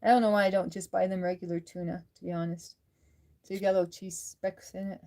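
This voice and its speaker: A woman's voice: on the low side, flat delivery, fast, dark tone. A worn-out woman hosting a casual livestream chat, laughing often and answering viewers' comments. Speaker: livestream host.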